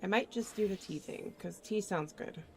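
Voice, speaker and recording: A woman's voice: medium pitch, moderate pace, a little hiss or hum. A woman game streamer chatting casually with viewers, sleepy and trying not to yawn. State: sleepy, stifling yawns. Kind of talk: casual gaming stream chat. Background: faint chill background music.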